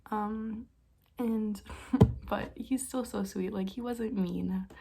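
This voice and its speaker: A woman's voice: medium pitch, fairly even intonation, extremely slow, vocal fry, background noise. A young woman from Canada telling a casual storytime as a vlogger, chatty with lots of filler words and often half-whispering.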